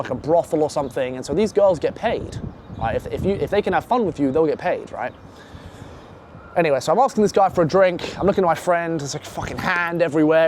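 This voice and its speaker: A young man casually telling a profane, animated story and acting out the other voices in it. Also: on the high side, slight background noise.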